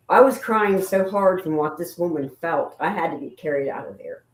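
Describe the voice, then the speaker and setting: A woman's voice: on the low side, expressive, normal speed, hardly any pauses. Emotional woman in an echoey room. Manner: emotional, rambling storytelling. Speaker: paranormal investigator guest. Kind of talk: casual chat.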